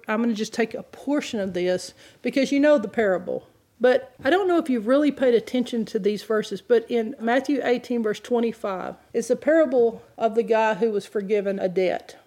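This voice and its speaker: A woman's voice: on the high side, darkish tone. A woman preaching a sermon, telling stories and reading scripture in an earnest, emphatic way.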